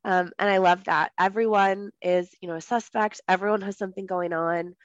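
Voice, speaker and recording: This woman co-hosts a podcast about books, chatting casually and saying um a lot, though her voice is a bit off today. She talks a little fast in a steady tone at medium pitch, and the recording has no room sound but loses its highs.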